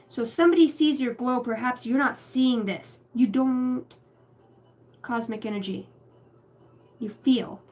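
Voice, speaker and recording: A woman's voice: fairly high pitch, measured pace, pauses often, darkish tone. A woman giving a channeled tarot reading, rambling through names and numbers and swearing casually. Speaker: psychic reader.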